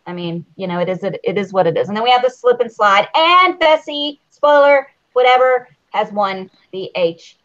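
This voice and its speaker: A woman co-hosting a casual live-stream chat, animated and jokey. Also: medium pitch, normal speed, hardly any pauses. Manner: animated, jokey, mimics houseguests. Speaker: podcast co-host. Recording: muffled lo-fi audio.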